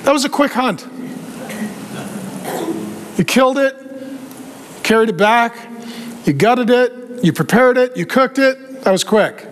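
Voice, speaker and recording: A man's voice: very high voice, lively intonation, measured pace, pauses often, big-room sound, a little hiss or hum. A man voicing a suspicious old blind father who questions his son.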